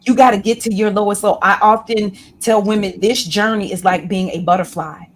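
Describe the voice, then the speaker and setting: A woman's voice: medium pitch, fairly even intonation, a little fast. Impassioned woman with a preacherly flow. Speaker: guest, women's class leader. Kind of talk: candid interview talk.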